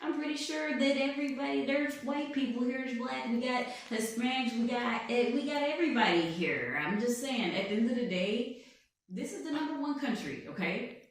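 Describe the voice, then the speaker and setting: A woman's voice: fairly high pitch, animated, moderate pace. A woman doing a comedy impression of a boastful male president who rambles, brags and keeps tagging "okay?" onto his lines. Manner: bragging, rambling, repeats "okay?". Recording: echoey room, distant mic.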